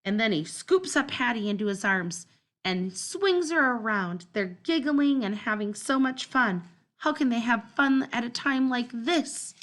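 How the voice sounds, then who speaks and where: Expressive woman reading a storybook aloud. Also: on the high side, a little slow. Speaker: storybook narrator. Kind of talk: first-person storybook read-aloud.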